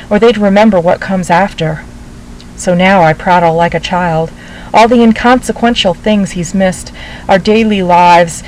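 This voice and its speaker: A woman reading a literary short story aloud as narrator, in a measured, gently expressive way. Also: medium pitch, slight background noise, poor audio.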